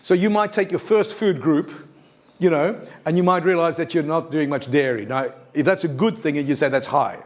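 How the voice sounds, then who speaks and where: Male workshop presenter, slightly high voice, emphatic, keeps quizzing the audience. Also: normal speed. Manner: lively, emphatic, asks the audience questions. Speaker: teacher trainer. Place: university lecture room.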